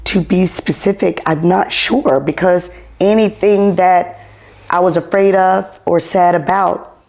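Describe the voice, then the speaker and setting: A woman hosting a podcast in casual chat, an animated storyteller who laughs often. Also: lowish voice, a little slow. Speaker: podcast host.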